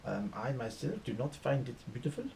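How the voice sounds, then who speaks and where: A man putting on a stereotyped German accent, speaking in a stiff, clipped, halting way. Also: mid-range voice, vocal fry, darkish tone, slight background noise, close to an everyday voice, poor audio. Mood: mock stern.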